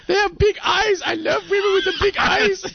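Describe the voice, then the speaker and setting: A radio co-host putting on a shrill, mocking caricature voice as a joke. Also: male voice, fairly even intonation, moderate pace, gravelly, a crowd in the background. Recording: dull lo-fi radio sound.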